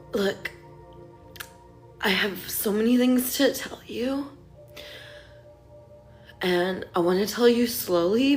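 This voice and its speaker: A mother pouring out an emotional monologue to her absent son, halting and often dropping to a whisper. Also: mid-range voice.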